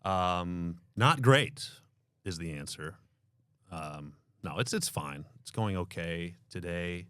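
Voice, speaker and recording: An American man hosts a casual podcast chat with a wry, deadpan wit. His low voice swings widely in pitch, and the close, dry mic keeps it intimate. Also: takes it slowly, smooth, no echo. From United States. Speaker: podcast host.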